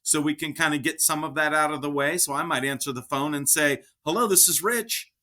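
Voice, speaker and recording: A man co-hosting a casual podcast for realtors, chatty and relaxed, acting out how he answers the phone. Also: a little high, a little fast.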